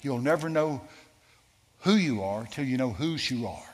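A man preaching a sermon, telling a story with lively shifts and asking the congregation questions. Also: mid-range voice, unhurried. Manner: storytelling, animated, asks the crowd questions. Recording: long hall reverb.

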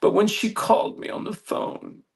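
A man preaching a sermon, telling a story earnestly with halting restarts and building to emphatic appeals.

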